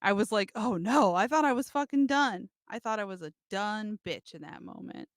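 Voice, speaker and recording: A woman's voice: mid-range voice, animated, normal speed, no echo, studio quality. A woman co-hosting a podcast, telling a story in casual chat and laughing as she goes. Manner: chatty, laughs while telling stories. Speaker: podcast co-host.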